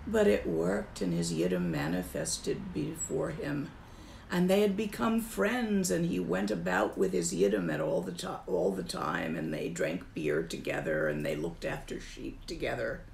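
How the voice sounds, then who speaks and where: Woman teaching buddhism, gravelly voice, calm and emphatic, says things twice. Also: low voice, measured pace, a little hiss or hum. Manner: calm, emphatic, repeats key phrases. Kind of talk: slow, deliberate dharma teaching.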